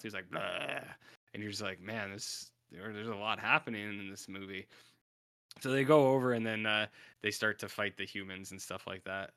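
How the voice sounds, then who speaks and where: A man's voice: fairly low pitch, bright, forceful tone, dry recording, studio quality. A man co-hosting a podcast in a casual, rambling chat, laid-back and sometimes swearing. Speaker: podcast co-host.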